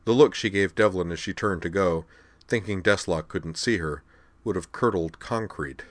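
A man narrating an audiobook in an even, measured storytelling manner. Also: low-pitched, no room sound. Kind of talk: scripted narration.

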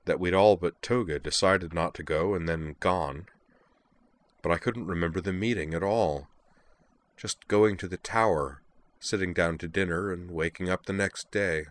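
A man reading a story aloud, voicing a troubled young man quietly recounting memories he half lost. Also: low voice.

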